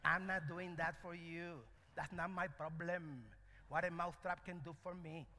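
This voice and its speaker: A man voicing an indifferent farm cow in a parable, slowly refusing to help. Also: fairly high pitch, little pitch movement, pushed and bright, a little hiss or hum. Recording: echoey hall.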